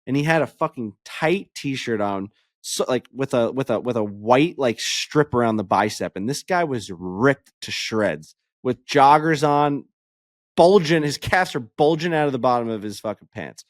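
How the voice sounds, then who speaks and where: A man co-hosting a podcast, telling a story in casual chat, animated and profane, acting out the people he quotes. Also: medium pitch, moderate pace, dry recording, studio quality. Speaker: podcast co-host.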